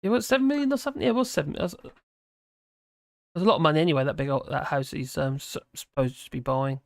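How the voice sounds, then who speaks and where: A tired man hosts a livestream, rambling casually through viewer chat and slurring a little. His fairly high, gravelly voice moves fast, full of restarts and fillers, on a dry, clean studio recording.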